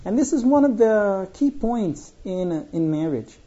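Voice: mid-range voice, very animated, a little slow, warm tone, dull audio. A Torah teacher giving a Mishnah lesson, quoting Hebrew lines, then translating and explaining them through everyday stories. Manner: conversational, with fillers and personal stories.

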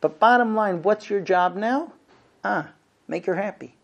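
A man's voice: high-pitched, moderate pace, dull audio. A man teaching a marriage class to other men, making earnest points and then acting out household scenes with playful humor. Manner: lively, acts out husband and wife exchanges with humor; shifts between quiet earnest points and loud playful asides. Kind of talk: lecture to a class.

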